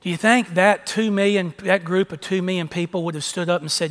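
A man's voice: high voice, steady tone, a little fast, few pauses, a bit bright. A man preaching a sermon, emphatic, often repeating his phrases for emphasis. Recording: long echo of a large hall.

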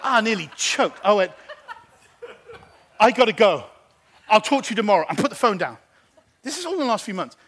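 A man preaching as pastor, telling a story and acting out the people in it, animated and lively. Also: high-pitched, fairly quick, long pauses. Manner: animated, acts out phone conversations. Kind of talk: sermon storytelling. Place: church.

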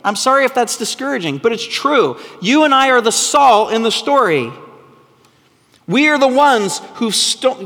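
A man preaching a sermon, earnest and full of rhetorical questions, sometimes dropping to a hushed voice for emphasis. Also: extremely high pitch, animated, a little slow, big-room sound. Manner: drops to a hushed, soft voice for emphasis. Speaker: pastor.

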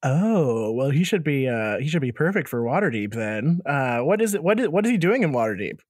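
A game master runs a tabletop session, keeping things upbeat with quick prompting questions. The voice sits in a middle range and the recording is dry and close. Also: medium pitch, very animated, a little mellow, no room sound. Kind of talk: casual chat hosting a game session.

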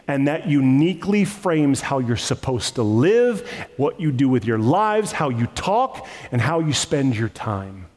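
A man's voice: on the high side, very animated, moderate pace, darkish tone. A man who is a pastor, preaching a sermon with impassioned, repetitive emphasis. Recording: hall reverb.

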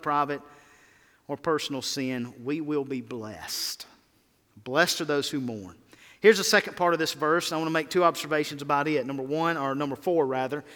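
A man's voice: a little high, pushed and bright, big-room sound. A male pastor preaching a sermon, with emphatic rises and falls and rhetorical questions.

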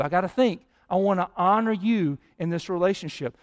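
A man preaching a sermon as pastor, his voice swelling louder and higher when he prays. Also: moderate pace.

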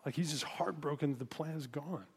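A man's voice: a little high, normal speed, a little mellow, breathy edge, big-room sound. A man preaching a sermon as pastor, in a conversational way, asking listeners reflective questions.

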